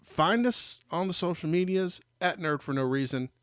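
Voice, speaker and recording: A man's voice: high voice, lively intonation, moderate pace, fairly bright tone, clear, resonant tone, no echo, clean studio sound. A man co-hosting a podcast in casual chat, rambling with lots of fillers and joking about his kid. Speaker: podcast co-host. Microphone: studio microphone.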